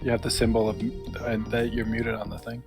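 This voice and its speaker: A man's voice: mid-range voice, monotone, fairly quick, music in the background. Giggly man chatting on a game stream. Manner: giggly, jokey, reads game text aloud. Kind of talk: casual let's-play chat.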